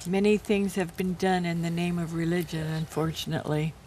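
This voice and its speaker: A woman's voice: fairly low pitch, steady tone, brisk, darkish tone, slight background noise. Older woman hosting a Bible panel. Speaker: host. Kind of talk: Bible study panel discussion.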